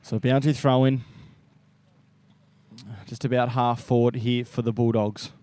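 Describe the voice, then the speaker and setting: A man's voice: medium pitch, little pitch movement, unhurried, a little mellow, smooth. A man giving chatty analysis as co-commentator on a live local football broadcast. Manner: chatty analysis, calls the commentator mate-style by first name. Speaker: expert co-commentator.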